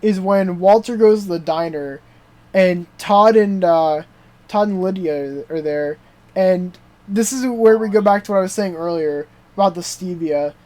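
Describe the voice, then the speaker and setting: A young adult man co-hosting a podcast, excitedly recapping a TV show in casual chat, full of swearing and "dude" and "like" fillers. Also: high voice, unhurried. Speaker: podcast co-host.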